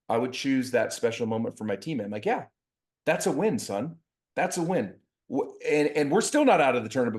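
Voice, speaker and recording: A man co-hosting a baseball podcast, a youth coach telling a story in casual chat and acting out the dialogue. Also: medium pitch. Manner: animated storyteller, acts out dialogue.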